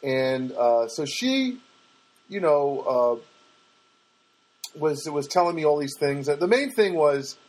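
Podcast host, male, husky voice, rambling self-mocking storyteller. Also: animated, slow, pauses often, a little mellow, low-quality recording. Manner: rambling, self-mocking, mimics others in a high voice. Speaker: podcast host and stand-up comic. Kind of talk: casual storytelling monologue. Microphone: podcast microphone.

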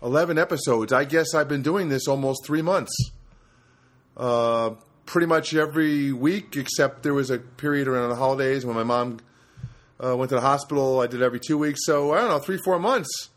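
A man's voice: mid-range voice, moderate pace. A middle-aged man from New Jersey hosting a casual solo podcast from his apartment, rambling and interrupting himself as he tells stories. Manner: rambling, self-interrupting storyteller. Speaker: podcast host. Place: studio apartment.

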